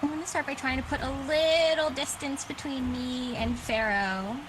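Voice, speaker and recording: A woman's voice: high-pitched, fairly even intonation, normal speed. A woman playing a tabletop game, describing her character's magic in a descriptive, playful way. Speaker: player. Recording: clear background noise.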